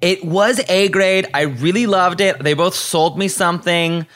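A man hosting a podcast, chatting casually about a TV episode and briskly acting out imagined quotes. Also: high-pitched, a bit bright. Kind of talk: casual chat recapping a TV episode.

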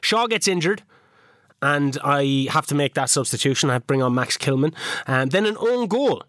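Jokey male co-host, animated pitch, a bit high, dry close sound. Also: moderate pace, no room sound. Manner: teasing, playful, jokey. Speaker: podcast co-host. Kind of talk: casual chat recapping a video game season.

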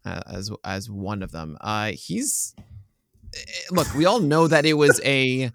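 A man's voice: mid-range voice, measured pace, vocal fry, fairly bright tone, dry recording, studio quality. A man co-hosting a casual sports podcast, telling stories with a joking, teasing manner. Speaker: podcast co-host.

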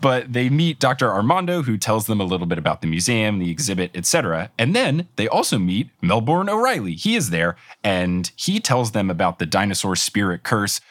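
A man's voice: fairly low pitch, fairly quick, hardly any pauses, no room sound, clean studio sound. A man hosting a podcast game, recapping a cartoon mystery in a playful, joking way. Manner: animated, jokey, laughs at own lines. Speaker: podcast host.

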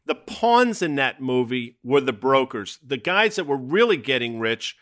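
A man's voice: mid-range voice, big pitch swings, a little slow, fairly bright tone. A man co-hosting a markets podcast, talking casually and emphatically with strong opinions. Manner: emphatic, opinionated, name-dropping movie quips. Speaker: podcast co-host.

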